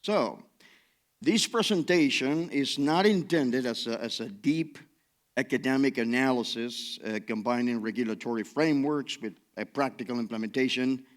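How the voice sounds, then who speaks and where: A man's voice: medium pitch, moderate pace. Joking man giving a conference keynote. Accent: non-native English. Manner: jokey, chatty, self-deprecating. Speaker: keynote speaker. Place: conference hall.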